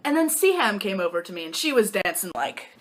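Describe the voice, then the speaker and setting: A woman's voice: medium pitch, big pitch swings, fairly quick. A young woman casually telling stories to a phone camera, playful and jokey, acting out her friends' lines in silly voices. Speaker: vlogger. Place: small room lit by a lamp.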